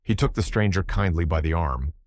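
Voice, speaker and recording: A man narrating an audiobook in a measured, even scripted reading, recorded close to the mic. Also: deep voice, no room sound.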